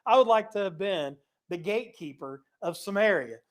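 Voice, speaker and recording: Woman, Bible study teacher, casual sermon, animated, chatty, laughs often. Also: mid-range voice, normal speed. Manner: animated, laughs often, reads scripture then paraphrases.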